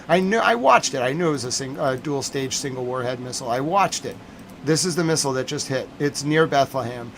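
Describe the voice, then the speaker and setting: A man talking on a live stream about breaking news, worked up and insistent, repeating himself as he goes. His voice sits at an ordinary middle pitch. His delivery swings between hurried bursts and slow, heavy stresses. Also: lively intonation, gravelly, fairly bright tone, a little hiss or hum. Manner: agitated, emphatic, repeats himself. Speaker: livestream news commentator.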